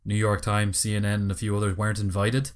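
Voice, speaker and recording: This is a man from Ireland co-hosting a casual podcast, and his voice sits on the lower side. He jokes freely and laughs often as he chats. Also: completely flat delivery. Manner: laughs often, quick to joke. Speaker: podcast co-host. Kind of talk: casual chat.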